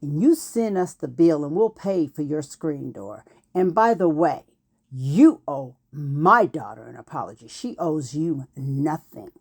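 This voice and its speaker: A protective, commanding mother, as a storyteller puts her on, firm and measured. Her voice is warm and dark, with pitch that rises and falls expressively. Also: sing-song.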